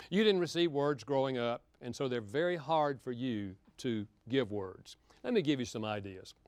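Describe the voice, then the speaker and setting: Older man, animated folksy lecture, dry close sound. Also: mid-range voice, no echo. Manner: folksy storytelling with humor. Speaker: speaker on marriage. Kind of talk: lecture to an audience.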